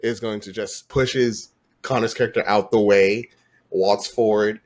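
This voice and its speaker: A man's voice: on the low side, steady tone, unhurried. A man playing a tabletop game, talking loosely with lots of "like" and "you know". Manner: loose, filler-heavy talk with "like" and "you know". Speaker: player. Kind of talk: casual chat at a tabletop game.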